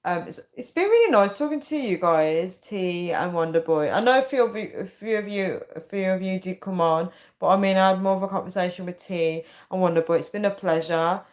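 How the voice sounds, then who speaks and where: A woman's voice: on the low side, lively intonation, fairly quick, hardly any pauses, darkish tone. A woman in her thirties, tired and chatty, reading out comments on a casual live stream. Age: 30s. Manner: chatty and giggly, often breaking into laughter. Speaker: livestream host.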